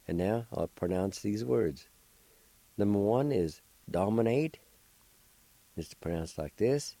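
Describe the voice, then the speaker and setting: Slow, patient man with a low voice. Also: expressive, dark tone, no room sound. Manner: patient, spells letter by letter, encouraging. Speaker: language radio show host. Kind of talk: slow spelling and pronunciation lesson.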